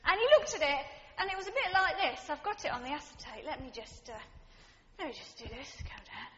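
A woman's voice: high-pitched, brisk, sharp tone, slight background noise. A woman preaching a sermon, earnest and reflective, building her points through repeated rhetorical phrases. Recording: dull, reverberant hall recording.

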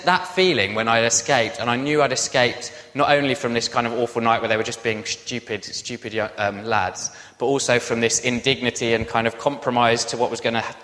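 A man, a pastor, telling a personal story in a sermon with lively, self-deprecating asides. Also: medium pitch, in a large hall.

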